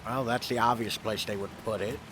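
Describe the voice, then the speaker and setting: A man's voice: lowish voice, steady tone, a little fast, background noise. Rambling man streaming a game. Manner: rambling, self-deprecating, swears casually. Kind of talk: casual let's-play commentary.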